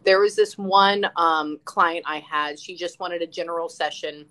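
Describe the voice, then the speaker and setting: A woman who works as a psychic medium, telling stories in casual live-stream chat, animated, swearing freely and acting out quotes. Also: on the low side, unhurried, poor audio.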